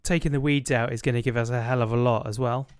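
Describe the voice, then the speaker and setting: A man's voice: mid-range voice, steady tone, fast, clean tone, no room sound. A British man streaming a farming game, chatting casually and narrating each move he makes. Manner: chatty, narrates his own actions. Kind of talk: casual gaming chat.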